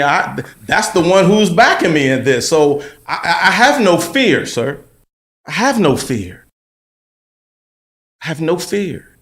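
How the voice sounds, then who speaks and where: A man's voice: on the high side, fairly bright tone. A man appealing before a city board, insistent and argumentative, repeating himself as he testifies. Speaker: appellant at a board hearing. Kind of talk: heated testimony. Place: city council chamber. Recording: echoey council chamber.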